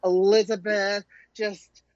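A woman co-hosting a casual recap podcast, joking around and quick to laugh. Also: medium pitch, little pitch movement, a little mellow, no echo, highs cut off. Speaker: podcast co-host. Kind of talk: casual chat.

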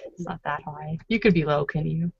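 A woman's voice: low-pitched, normal speed, vocal fry, slightly rough, dry recording. A woman co-hosting a casual recap podcast, gossiping freely and slipping into quoted asides. Her voice is dry and close, with no room sound, on a dull, lo-fi recording. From Canada. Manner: chatty, gossipy, lots of fillers and quoted asides. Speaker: podcast co-host. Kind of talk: casual chat.

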